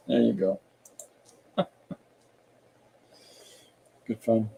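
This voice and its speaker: A man hosting an art podcast, thinking aloud in a relaxed, rambling way while he draws and reads viewer comments. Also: mid-range voice, extremely slow, gravelly, long pauses, slightly rough, low-quality recording. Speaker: artist and podcast host. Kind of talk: casual livestream chat while drawing.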